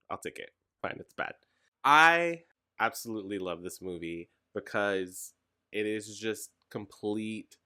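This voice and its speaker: A man's voice: lowish voice, pushed and bright. A man co-hosting a podcast in casual chat, laid-back but arguing his point and swearing at times. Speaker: podcast co-host.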